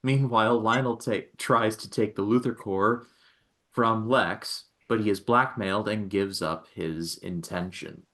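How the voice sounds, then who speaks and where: A man's voice: lowish voice, a little slow, fairly bright tone. A man co-hosting a casual chat, recapping the plot with sarcastic asides. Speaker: podcast co-host.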